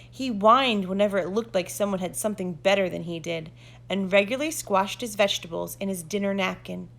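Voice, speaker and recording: A woman's voice: mid-range voice, gravelly. Woman narrating a children's storybook. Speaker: guest story reader. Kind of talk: reading a picture book aloud to children.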